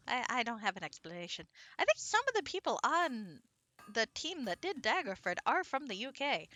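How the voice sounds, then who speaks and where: A woman's voice: fairly high pitch, sharp tone, no echo. A woman game streamer chatting casually and giggling while she plays. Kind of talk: casual live-stream commentary.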